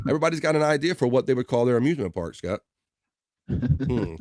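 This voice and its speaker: Quick and lively in intonation, this mid-range male voice has a darkish tone and comes through clean, with no echo. The livestream host jokes his way through viewer comments, reading them aloud and laughing often.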